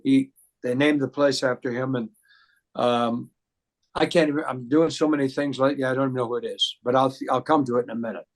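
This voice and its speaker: A man's voice: medium pitch, fairly even intonation, brisk. Male entertainer, mid-range voice, loose rambling interview talk. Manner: rambling, many fillers and restarts. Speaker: guest singer and impressionist. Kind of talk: casual storytelling interview.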